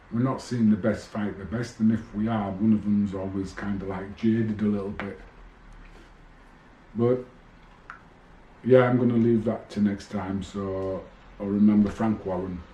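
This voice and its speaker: Fifties man, ex-fighter, blunt and rambling; mellow low voice, echoey room. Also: slight background noise. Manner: blunt, swears freely, rambling storytelling. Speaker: former boxer telling his story. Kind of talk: casual monologue to camera.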